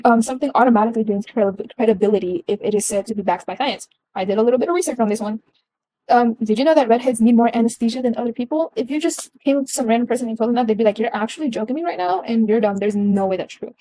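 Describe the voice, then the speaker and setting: A woman's voice: fairly high pitch, very fast, dark tone, dry recording, rough recording. A young adult woman giving a casual explanatory talk, earnest, with frequent ums and restarts.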